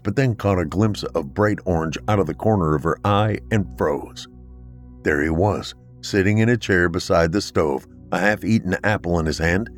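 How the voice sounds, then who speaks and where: A man narrating a horror story in a dramatic, expressive way. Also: sits low.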